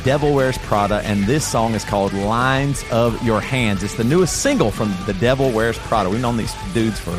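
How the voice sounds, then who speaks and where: A man's voice: medium pitch, normal speed, few pauses, over music. A man hosting a podcast, bantering playfully and agreeing in casual chat. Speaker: podcast host.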